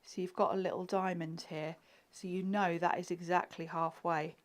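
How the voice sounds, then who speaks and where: A woman's voice: on the low side, flat delivery, normal speed. Giggly woman demonstrating crafts. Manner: chatty, giggly, often drops to a murmur while working.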